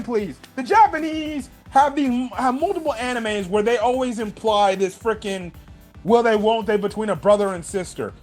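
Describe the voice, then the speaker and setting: A man reviewing an anime in a casual, emphatic, profane way. His voice runs high and swoops through a lively range. Faint music sits behind him.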